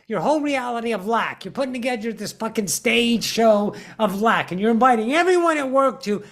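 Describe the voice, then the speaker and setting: A woman giving a spiritual teaching monologue in a blunt, profane manner, repeating words for emphasis. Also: mid-range voice.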